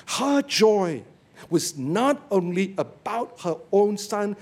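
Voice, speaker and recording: A man preaching a sermon on a Bible passage, telling stories in an animated way and often checking in with "okay?" and "you see". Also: high-pitched, slow pace.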